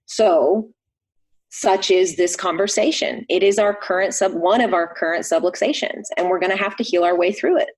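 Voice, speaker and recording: A woman's voice: fairly low pitch, moderate pace. A middle-aged woman, a chiropractor guest on a podcast, telling a personal story in an earnest way. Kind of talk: casual conversation.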